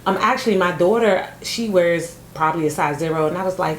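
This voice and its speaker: A middle-aged woman chatting casually to camera about thrift finds, telling stories with animated energy and calling her viewers y'all. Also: on the low side, quick pace. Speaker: thrift vlogger. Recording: echoey room with faint noise.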